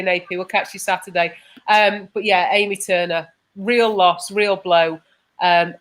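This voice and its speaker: A woman hosting a live podcast, pausing often with ums as she reads out viewer comments. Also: mid-range voice, fairly bright tone. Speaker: podcast host.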